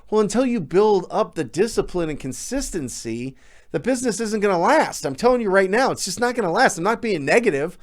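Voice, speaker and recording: A man giving a motivational talk as a real estate coach, energetic and emphatic, often repeating words for emphasis. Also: high voice, fairly quick.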